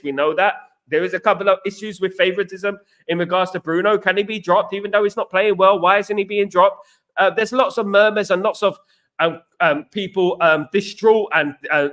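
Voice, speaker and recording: A man's voice: high voice, a bit bright. A man hosting a casual live stream, chatting and greeting viewers by name as he reads their comments. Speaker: livestream host.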